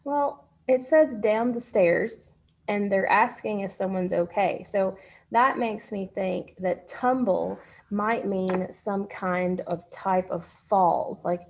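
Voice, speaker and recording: A woman teaching a phonics lesson to children, speaking patiently and pausing for their answers. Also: mid-range voice, gravelly, a little mellow.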